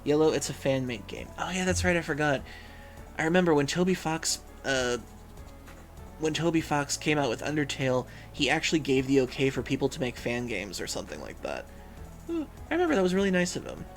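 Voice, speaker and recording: A man's voice: a little high, big pitch swings, brisk, soft background music. A man hosting a livestream in casual chat, reading viewers' messages aloud and musing with frequent hums and fillers. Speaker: livestream host.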